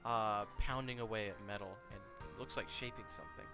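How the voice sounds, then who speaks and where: A man's voice: fairly low pitch, fairly even intonation, fairly quick, over music. A man narrating a tabletop game as game master, talking casually with frequent fillers and restarts.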